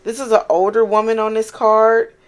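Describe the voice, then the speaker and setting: Casting a woman as a tarot reader: casual, animated, swears freely, hammers points by repeating them. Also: on the high side, moderate pace, smooth. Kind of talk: casual channeled tarot reading.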